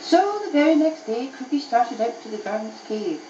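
A woman's voice: on the high side, very animated, normal speed, mellow, roomy sound, lo-fi sound, a little hiss or hum. A mother reading a bedtime story to her child aloud, telling it expressively, recorded on an old cassette tape.

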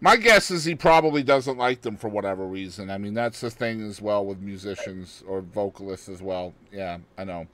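A man's voice: on the low side, moderate pace, few pauses, fairly bright tone, dry recording. A man co-hosting a podcast, reading out a news story in casual chat and adding joking asides with frequent laughter. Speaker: podcast co-host.

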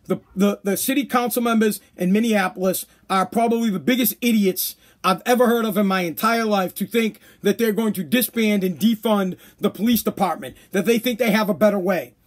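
A man rants on his podcast. His voice sits very high for a man, and he talks bluntly and profanely. The delivery is loose and casual. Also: brisk, hardly any pauses. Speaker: podcast host. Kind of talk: casual ranting podcast monologue.

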